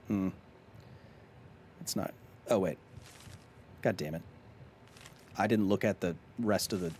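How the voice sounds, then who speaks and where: A man's voice: deep voice, slow, long pauses, a little mellow, husky. A man live-streaming a video game, chatting with his viewers in a jokey, casual way and reading in-game notes aloud.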